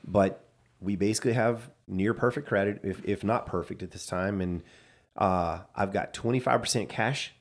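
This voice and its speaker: A man's voice: fairly low pitch, moderate pace. A man telling a personal story in casual chat, acting out the dialogue he quotes.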